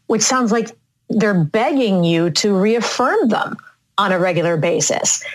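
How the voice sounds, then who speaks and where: A woman speaking coach in a conversational interview, explaining vocal tone slowly and deliberately and sometimes demonstrating inflections. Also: mid-range voice, poor audio.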